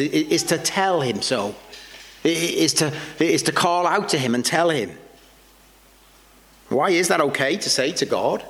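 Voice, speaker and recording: Man, preacher, sermon, earnest and halting, fairly high voice, long echoing reverb. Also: a bit bright. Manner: earnest, searching delivery with many halting repeats. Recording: long reverb with faint background noise.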